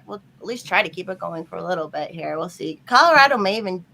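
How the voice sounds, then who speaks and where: A woman's voice: lowish voice, animated, quick pace, vocal fry, pushed and bright. A woman chatting casually on a group stream, ranting with frustration and mocking people she quotes. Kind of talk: casual chat.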